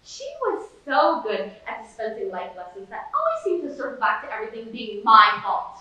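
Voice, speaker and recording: Brief: sardonic washed-up male horse star, played by a teenage girl, higher pitch, heard from afar in a booming hall. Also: very animated, normal speed, sharp tone. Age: late teens. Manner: sardonic, rambling, self-pitying. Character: bitter middle-aged male horse, washed-up sitcom star. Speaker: student competitor. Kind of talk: competitive dramatic monologue. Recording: echoey hall from far off.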